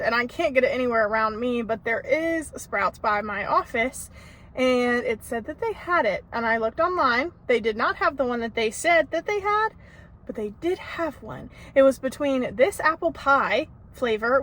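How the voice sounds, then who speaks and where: A woman's voice: high voice, a bit bright. A young woman vlogging casually from her car and errands, talking candidly with lots of fillers into a handheld phone camera. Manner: chatty, candid, with frequent fillers and laughs. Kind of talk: casual vlog chat. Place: car and errands on a lunch break.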